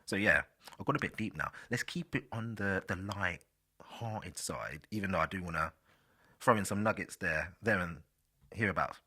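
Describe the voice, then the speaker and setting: A man's voice: low-pitched, moderate pace, bright, forceful tone, breathy edge. A man hosting a solo podcast, chatting casually and rambling with fillers, speaking directly to his listeners. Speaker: podcast host.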